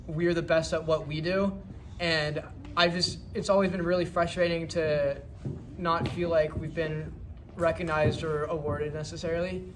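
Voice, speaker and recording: Earnest teen boy, high voice. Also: noisy background. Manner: earnest, halting, with restarts. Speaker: choir member. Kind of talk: casual testimonial to camera.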